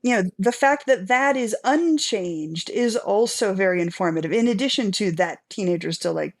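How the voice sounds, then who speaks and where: A woman in a podcast conversation, measured and analytical, speaking in long explanatory sentences. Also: mid-range voice, lively intonation. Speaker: podcast discussant. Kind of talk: casual conversation on writing.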